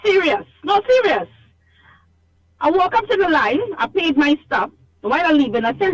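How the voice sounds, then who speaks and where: A woman's voice: very high voice, very animated, normal speed. Emphatic Trinidadian woman caller on phone. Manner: emphatic, scolding, repeats herself for stress. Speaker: radio call-in caller. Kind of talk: animated call-in complaint. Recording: dull phone line.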